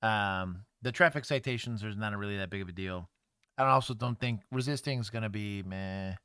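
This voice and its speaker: A man's voice: lowish voice, fairly quick, clean tone, no echo, clean studio sound. A man from Texas, a former police officer co-hosting a casual livestream, who tells stories with frequent laughter. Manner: laughs often, animated storytelling with put-on quotes.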